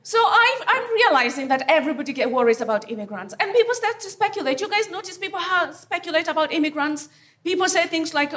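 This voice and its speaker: A woman from Africa works a live stand-up crowd in a high voice that leaps all over the place. Her delivery is punchy and teasing, with pauses for laughs, and the live room carries clear audience noise. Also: big pitch swings. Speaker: stand-up comedian. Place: comedy venue stage before a live audience.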